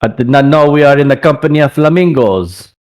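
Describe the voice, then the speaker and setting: A man's voice: medium pitch, lively intonation, fairly quick, a little mellow, pitched above the performer's own voice, natural voice. A man voicing a naive, sheltered young male adventurer who asks blunt, puzzled questions.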